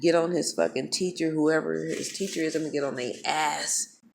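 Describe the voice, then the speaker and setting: A woman vlogger, telling a story in a heated, profane, animated way. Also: deep voice, fairly quick, vocal fry, slight background noise. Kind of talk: casual storytelling monologue.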